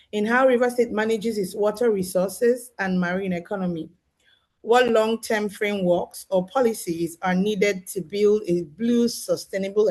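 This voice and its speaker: A woman moderating an online panel, asking questions politely and in a measured way. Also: medium pitch. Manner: polite, measured, addresses the guest as sir. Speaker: discussion moderator. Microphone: video call.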